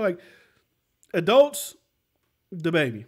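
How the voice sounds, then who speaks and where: A man with a fairly high voice talks through his podcast commentary. He rambles along loosely, filling his talk with "like" and "right?" and keeping it animated and conversational. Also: measured pace. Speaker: podcast host. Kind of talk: casual commentary.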